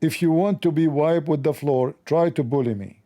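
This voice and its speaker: A man's voice: fairly high pitch, moderate pace, mellow. A man hosting a livestream who answers chat in a combative, sarcastic way, with non-native English grammar. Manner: mocking, sarcastic, confrontational. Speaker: livestream host.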